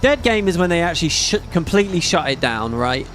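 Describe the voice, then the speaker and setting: A man chatting casually over gameplay as a YouTube host, rambling and excitable, swearing freely. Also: fairly high pitch, brisk, slight background noise. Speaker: gaming YouTuber.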